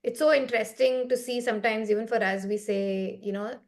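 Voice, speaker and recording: A woman's voice: on the high side, steady tone, fairly quick. Reflective woman telling a story. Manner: reflective, conversational, often asks "right?". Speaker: meditation facilitator. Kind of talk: storytelling in a guided meditation session.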